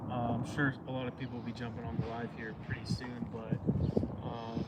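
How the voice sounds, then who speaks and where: A man's voice: medium pitch, flat delivery, normal speed, recorded from a distance. Chatty man on noisy outdoor phone audio. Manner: loose and chatty, many fillers. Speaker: host of a live product demo. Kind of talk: casual livestream how-to talk. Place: outdoors beside a car. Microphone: phone camera audio, no wireless mic.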